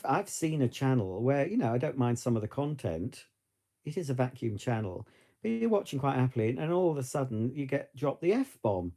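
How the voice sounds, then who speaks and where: A man's voice: medium pitch, dark tone. A middle-aged British man chatting casually to camera in a rambling way, with frequent restarts and asides. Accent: British English. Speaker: vlogger.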